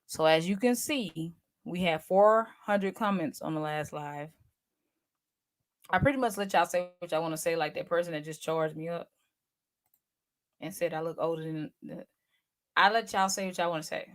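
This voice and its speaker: Hosting a laid-back livestream, a woman in her forties talks at a normal pace in a lowish voice, leaving long pauses. Her style is chatty and full of slang as she teases her audience and speaks straight to them.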